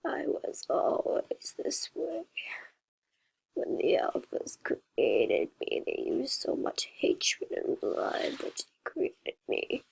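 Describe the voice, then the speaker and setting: A woman voicing a vengeful male monster in whispered role-play, with a deep, breathy whisper and a slow, menacing delivery. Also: wildly swooping pitch, exaggerated voice, poor audio. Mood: sinister.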